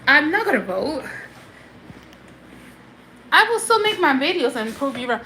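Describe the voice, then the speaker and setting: A woman's voice: high-pitched, big pitch swings, unhurried, bright, forceful tone, a little hiss or hum, low-quality recording. A woman from Puerto Rico ranting emphatically in a casual livestream, switching between English and Spanish.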